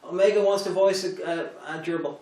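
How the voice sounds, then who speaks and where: A man's voice: high voice, steady tone, a little fast, mellow, recorded from a distance. A man in a casual chat, talking hesitantly with lots of "you know" and "um". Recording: echoey room, off-mic.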